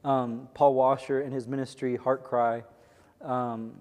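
A man's voice: medium pitch, little pitch movement, unhurried, a little mellow, big-room sound. Earnest man casually explaining scripture. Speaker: host commenting on a sermon clip. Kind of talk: casual Bible teaching.

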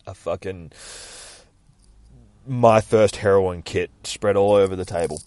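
A man's voice: low-pitched, unhurried, a little mellow, dry recording. A man, casually recapping a comic book on his podcast, swearing constantly and rambling. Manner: profane, rambling, acts out characters in shifting voices. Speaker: podcast host.

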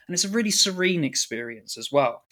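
A man's voice: high-pitched, animated, fairly quick, pushed and bright. A man from Devon co-hosting a podcast in casual chat, rambling and teasing. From Devon, England. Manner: rambling, teasing, laughs easily. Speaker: podcast co-host.

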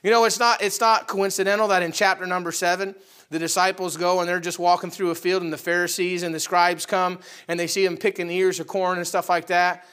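A man with a high, bright, ringing voice preaches a sermon. He talks straight to the congregation in a casual, conversational way, rising to loud, animated bursts and dropping to quiet asides. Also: brisk, clear, resonant tone. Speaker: pastor.

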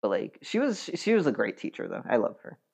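A man in his twenties, guesting on a podcast, rambles casually with lots of fillers and laughs easily. His mid-range voice swoops wildly in pitch, runs fast, and sounds creaky, husky, and a little mellow, captured in dull lo-fi podcast audio.

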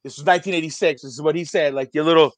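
Guy in his 40s telling a crazy story, swearing a lot, high voice, dry close sound. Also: rapid-fire, no room sound. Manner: profane, animated, acts out quotes. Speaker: storyteller guest. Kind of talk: casual podcast storytelling.

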